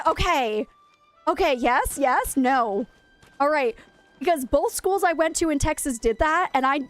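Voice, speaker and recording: A woman in her thirties, fairly high-pitched, rattles on in a chatty, animated way as she plays, reading her viewers' comments and answering them. Soft music runs quietly under her voice. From Maine, United States. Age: 30s. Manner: chatty and animated, talking to her chat while playing. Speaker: streamer. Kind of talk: casual livestream chat while gaming.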